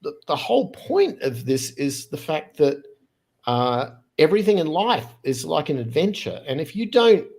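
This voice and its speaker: A man in his fifties, originally from Australia, telling a personal story as a podcast guest in a lively, casual way, often restarting his phrases. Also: on the high side. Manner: animated, quick storyteller who restarts phrases.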